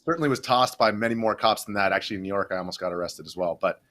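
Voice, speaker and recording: A man's voice: lowish voice, rapid-fire, fairly bright tone. A young adult man, a video journalist, rambling through a story in a casual podcast interview, full of restarts and fillers.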